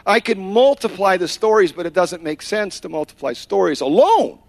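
A man's voice: high voice, lively intonation, normal speed, vocal fry, no echo. A man giving a sermon, telling a personal story and acting out the quotes, with Spanish phrases dropped in. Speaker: preacher.

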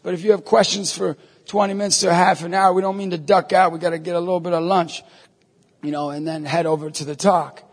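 A man in his thirties giving an emphatic evangelization talk to an audience, telling stories and breaking into shouts. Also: sits high, flat delivery, quick pace. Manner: emphatic, storytelling, bursts into shouts. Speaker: Catholic evangelist speaker. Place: large hall before an audience. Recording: long reverb of a hall.

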